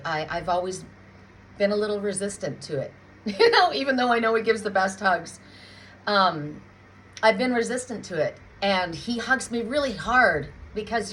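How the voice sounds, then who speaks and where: A middle-aged woman from Canada talks through a spiritual card reading in a loose, emotional, chatty way. Her voice is bright and clear, and she often restarts her sentences. A faint hum of room noise sits behind her. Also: medium pitch, low-quality recording. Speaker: tarot card reader.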